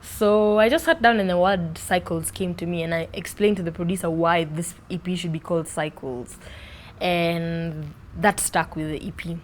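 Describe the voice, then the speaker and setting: Animated woman, fairly low voice. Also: normal speed, slight background noise. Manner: animated, expressive, playful with accents. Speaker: podcast host being interviewed. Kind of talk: casual interview chat.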